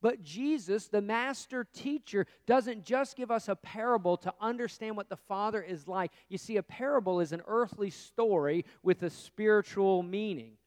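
A man preaching a sermon as pastor, earnest, rising to emphatic peaks and dropping to hushed asides. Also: high-pitched, normal speed, hardly any pauses, clean tone, no echo.

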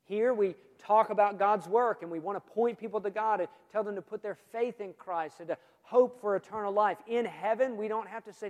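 A man preaching a sermon in a church, earnest and emphatic, often dropping his voice low for emphasis. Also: normal speed, few pauses, darkish tone. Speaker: pastor. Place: church sanctuary. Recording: long reverb of a church hall.

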